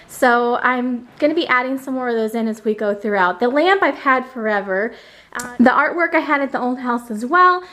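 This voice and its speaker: A young woman giving a casual, enthusiastic tour of her home's decor as a vlogger, chatting about her favorite pieces. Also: sits high. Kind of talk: casual home tour walkthrough. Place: indoors in her own home, furnished living room.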